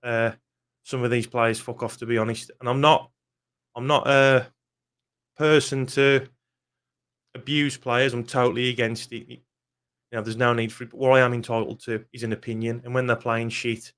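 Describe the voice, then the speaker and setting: A man's voice: medium pitch, flat delivery, normal speed, a bit bright, clean tone. A young man, ranting angrily and swearing bluntly in a football fan vlog. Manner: angry, swears often, blunt.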